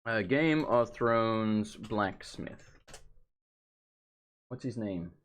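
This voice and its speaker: A man's voice: on the low side, very slow, fairly bright tone. A man giving casual, rambling commentary over his own gameplay, chatting and swearing as he plays, with faint game music behind him. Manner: rambling and chatty, swearing, eating while talking. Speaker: let's play commentator.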